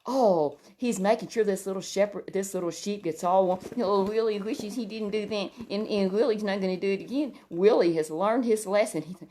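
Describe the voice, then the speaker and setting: A woman telling a Bible story to a child in a gentle, exclamatory way, often breaking in with soft "oh"s. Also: mid-range voice, a little fast.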